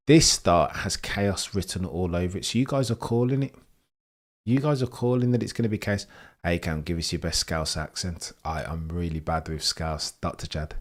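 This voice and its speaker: A young man hosts a live motor-racing stream, reading out viewer messages and riffing on them. His voice sits low and deep, and his delivery stays chatty and jokey. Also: fairly even intonation, normal speed. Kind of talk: live race commentary and chat reading.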